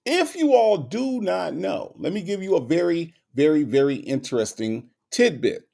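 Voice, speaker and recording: A man's voice: on the high side, big pitch swings, moderate pace, creaky, dark tone. A man hosting a live stream, talking to his chat in an emphatic, sarcastic, repetitive rant. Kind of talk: casual commentary to chat.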